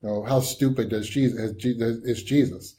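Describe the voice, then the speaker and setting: A man's voice: medium pitch, steady tone, normal speed, mellow. A man leading a Bible study in a conversational teaching style, thinking aloud with frequent ums and restarts.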